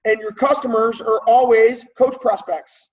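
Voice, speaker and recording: A man leading a team training call in a casual coaching style, checking in often with his listeners and clearing his throat now and then. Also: extremely high pitch, fairly even intonation, measured pace, distant mic. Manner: conversational, checks in often with "right?" and "okay?". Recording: dull lo-fi audio from off-mic.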